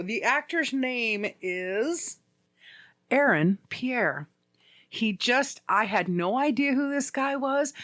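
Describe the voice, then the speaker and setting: Female podcast co-host: animated, chatty, bouncy intonation, dry close recording. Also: on the high side, dry recording. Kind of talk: casual chat.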